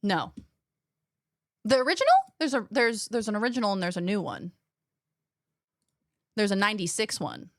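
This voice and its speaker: A young Illinois woman talks at normal speed and medium pitch, leaving long pauses, with no echo in the recording. Her faint accent blends Midwestern and West Coast American, and she's a chatty, animated streamer reading chat aloud, laughing often, and swearing casually.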